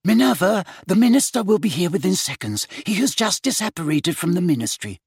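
A man doing a sharp-voiced portrait wizard. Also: sits high, sing-song, a little fast, slightly rough, no echo, clean studio sound, voice pushed up, exaggerated voice. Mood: urgent. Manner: sharp, urgent. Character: sallow-faced wizard in a painted portrait.

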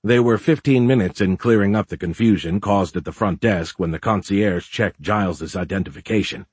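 A man reading a story aloud as narrator, in a measured, even storytelling manner. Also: sits low, husky, no room sound. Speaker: audiobook narrator. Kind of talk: scripted narration.

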